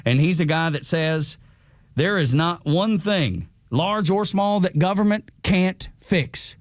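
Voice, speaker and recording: Animated opinionated radio host, man. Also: sits high, takes it slowly, no echo, studio quality. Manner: animated, opinionated, repeats himself. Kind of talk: casual radio banter. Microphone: studio mic.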